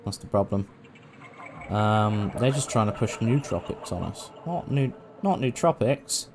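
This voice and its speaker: A man's voice: lowish voice, expressive, a little slow, background noise. Brief: guy streaming a game, jokey and meandering, bouncy intonation. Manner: rambling, joking, swears casually. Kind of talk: casual let's-play commentary.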